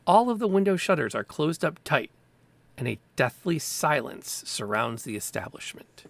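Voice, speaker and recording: A man running a tabletop game, narrating rain-soaked streets at an easy, descriptive pace. His voice carries a gravelly rasp and sounds close and dry, with no room around it. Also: fairly high pitch, moderate pace, no room sound. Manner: relaxed, descriptive, with small vocal sound effects. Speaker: game master. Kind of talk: narrating a tabletop game over a video call.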